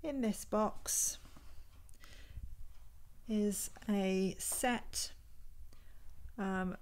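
A woman's voice: mid-range voice, unhurried. A woman, a vintage homeware reseller, chatting unhurriedly at home in a casual show-and-tell vlog and thinking aloud as she handles items.

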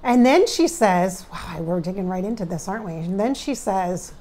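A woman's voice: medium pitch, lively intonation, normal speed, few pauses, mellow, a little hiss or hum. A middle-aged woman psychic talking casually and emotionally to viewers during a channeling session. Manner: chatty, emotional, talks directly to viewers. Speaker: psychic medium.

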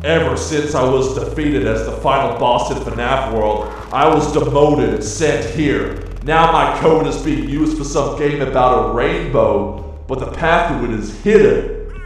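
A man's voice: medium pitch, measured pace, a little hiss or hum, pitched below the performer's own voice, close to an everyday voice. Man putting on a gloomy deposed villain, echoey. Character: deadpan male game villain. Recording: echoey and distant.

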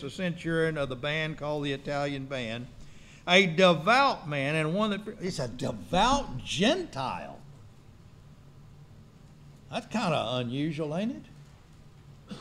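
A man's voice: on the high side, a bit bright. A man preaching a sermon in a church, folksy and joking, firing questions at the congregation.

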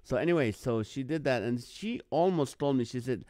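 In a comedic storytelling monologue on his live online show, a man from the Middle East animatedly performs others' lines in a jumped-up voice. He speaks at normal speed in a mid-range voice, recorded in a studio with no room sound.

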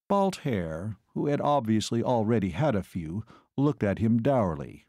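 A man's voice: on the low side, sing-song, measured pace, warm tone, no room sound. Man narrating an audiobook, dry sound. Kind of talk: scripted narration.

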